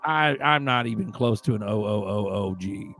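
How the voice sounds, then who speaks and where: A man co-hosting a casual chat, talking in excitable, profane slang. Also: on the low side, brisk, faint music behind. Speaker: co-host.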